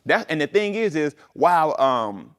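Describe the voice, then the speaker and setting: Lively high-voiced preaching man. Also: normal speed. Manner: conversational preaching with slang and rhetorical questions. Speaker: minister. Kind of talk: call-and-response sermon.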